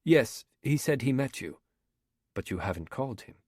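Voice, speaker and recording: Man doing a suave pirate boss, African accent, unhurried, average pitch, dry close sound. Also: sing-song, darkish tone, breathy edge, no echo. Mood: calm, proud. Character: smooth Somali pirate commander, middle-aged man.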